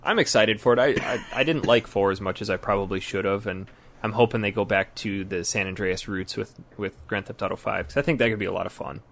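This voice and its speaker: A man's voice: on the low side, fast talker, creaky. A man co-hosting a gaming podcast in loose, joking casual chat, often trailing off mid-sentence. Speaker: podcast co-host.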